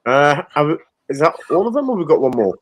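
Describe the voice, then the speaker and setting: A man's voice: a little high, big pitch swings, fast talker. A man hosting a casual quiz chat, reading quotes aloud in an upbeat way. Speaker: quiz host.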